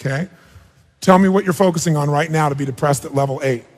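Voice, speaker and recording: A man coaching a participant on stage at a live seminar, firing rapid, blunt and sometimes profane questions at her and the crowd. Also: a little high. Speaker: self-help speaker coaching a participant on stage. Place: large auditorium. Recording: long reverb of a big hall.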